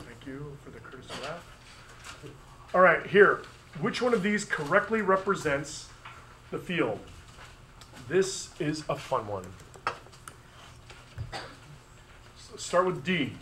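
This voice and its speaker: A man teaching physics to a class, brisk and conversational, with joking asides. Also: on the high side, noisy background. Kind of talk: classroom review lesson.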